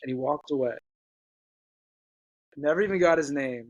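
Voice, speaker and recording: A man telling an earnest personal story as a guest, halting, with many restarts and fillers. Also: a little high, dry recording, highs cut off.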